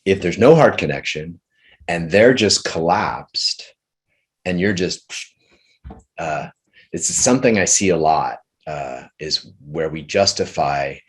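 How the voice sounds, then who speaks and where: Deep-voiced man coaching slowly. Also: slightly rough. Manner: earnest, slow and searching, many restarts. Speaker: relationship teacher leading a group session. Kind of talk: coaching talk with a participant.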